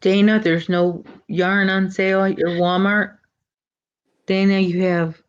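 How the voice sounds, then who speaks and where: A woman's voice: mid-range voice, level tone, a little slow, clear, resonant tone. Woman, livestream host, chatty, casual, muffled lo-fi sound. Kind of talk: casual chat.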